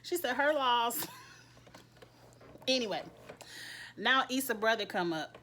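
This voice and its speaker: A woman's voice: a little high, expressive, takes it slowly, bright, forceful tone, slight background noise. Laughing chatty woman reviewing a show. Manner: chatty, laughs often, quotes characters in funny voices. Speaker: TV recap vlogger. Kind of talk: casual episode review.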